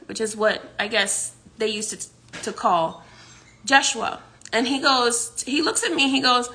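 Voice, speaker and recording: A woman's voice: fairly high pitch, normal speed, sharp tone. A woman vlogger casually recounting a dream, rambling with many restarts and frequent laughs. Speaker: psychic vlogger. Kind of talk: casual storytelling.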